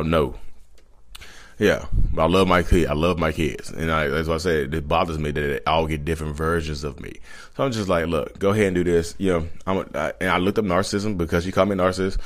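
Brief: man in his thirties, very low voice, fast and rambling, blunt vlog confessional. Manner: blunt, rambling, with self-corrections. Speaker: vlogger. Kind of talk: candid confessional monologue.

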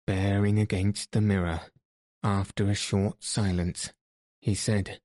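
A man reading a novel aloud as a narrator, slow and measured. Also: lowish voice, level tone, a little mellow, no echo, studio quality. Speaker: audiobook narrator. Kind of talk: scripted narration.

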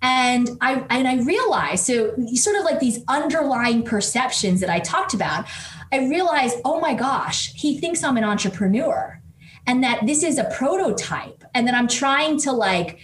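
Woman researcher, raised pitch, chatty storyteller, roomy echo. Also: normal speed, a little hiss or hum. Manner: lively anecdote full of "like" and restarts. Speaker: entrepreneurship researcher, guest. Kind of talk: storytelling in conversation.

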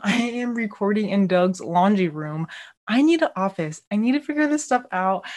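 Bubbly chatty woman podcast host. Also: medium pitch. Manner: bubbly, chatty, often says "like" and "y'all", laughs easily. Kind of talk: casual solo podcast chat. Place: home laundry room.

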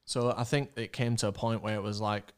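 A man's voice: fairly low pitch, steady tone, fairly quick, clean tone. A young man with a Yorkshire accent in casual chat, swearing and chipping in with jokey asides. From Northern England. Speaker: podcast co-host.

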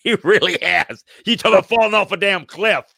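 An older man talks sports in a loose, rambling way, stopping and restarting his sentences as he goes. His voice is bright and forceful, and the sound is dry and close. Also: sits high, fairly quick, vocal fry, no echo. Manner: rambling, animated, many restarts. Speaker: sports commentator. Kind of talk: casual sports talk.

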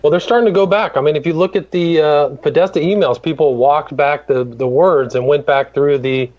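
Measured male guest on a muffled line. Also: a little high. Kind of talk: casual chat. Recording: dull lo-fi remote line.

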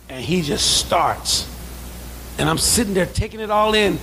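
High-pitched, gravelly pastor preaching. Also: male voice, animated, normal speed, a little hiss or hum, rough recording. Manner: preaching with call-and-response, building to shouts; acts out quoted voices in asides. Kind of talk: sermon. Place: church sanctuary.

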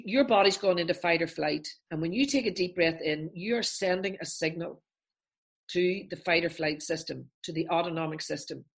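Animated woman therapist explaining a technique. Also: fairly low pitch. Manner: animated, acts out examples in voices. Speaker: therapist guest.

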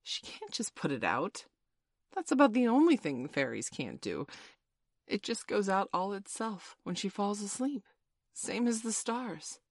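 A woman's voice: mid-range voice, very animated, unhurried, dry recording, clean studio sound, pitched above the performer's own voice. A woman voicing Peter Pan, a proud boy leader who explains things in a stiff, matter-of-fact way.

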